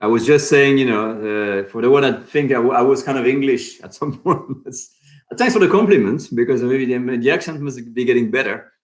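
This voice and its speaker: A man's voice: mid-range voice, brisk. A man from France with a French accent, hosting a cooking channel live stream in casual chat, reading out and answering viewer comments. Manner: chatty, reads viewer comments aloud and answers them.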